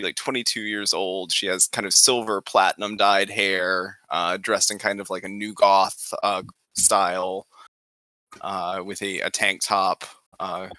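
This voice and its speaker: A man's voice: deep voice, sharp tone, no room sound. A man narrating a tabletop game as game master, hesitant with many fillers and frequent laughter.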